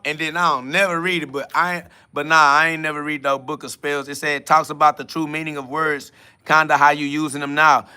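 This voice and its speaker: A man's voice: fairly high pitch, pushed and bright, clean tone. A man hosting a spiritual podcast, answering chat comments in a casual, emphatic preaching style with street slang and repeated catchphrases. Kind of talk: casual self-affirmation sermon.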